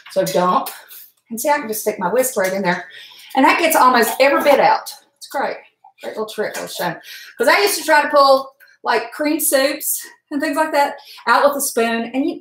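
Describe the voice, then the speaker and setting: A woman's voice: fairly high pitch, reverberant, noisy background. A woman hosting a live cooking stream, chatty and folksy, greeting viewers and laughing often. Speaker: cooking livestream host. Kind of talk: casual live cooking demo. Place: home kitchen.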